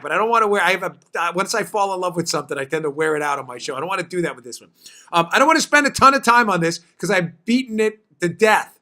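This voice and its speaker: A man hosts a political talk show in a high, bright voice. He hammers his points home, often saying a line twice for stress. Quick asides break into his delivery.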